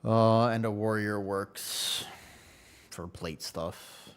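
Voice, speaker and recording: He speaks extremely slowly, with a fairly low, steady voice that is clear and resonant. A man in his twenties, he's a game streamer loosely joking around and rambling with his viewers during a casual live stream.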